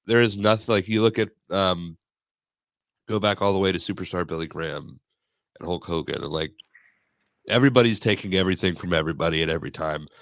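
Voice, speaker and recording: A young man hosts a podcast in loose, rambling chat, joking as he goes. His voice sits very low with a gravelly fry, and the sound is close and dry. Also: fairly quick, fairly bright tone, dry recording. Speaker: podcast host. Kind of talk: casual chat.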